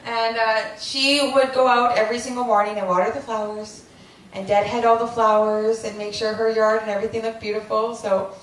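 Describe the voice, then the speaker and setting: A woman's voice: a little high, flat delivery, brisk. A young adult woman giving a heartfelt wedding thank-you speech, with frequent ums and small laughs. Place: large wedding reception hall with guests. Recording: very echoey, distant, noisy crowd. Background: murmuring wedding guests.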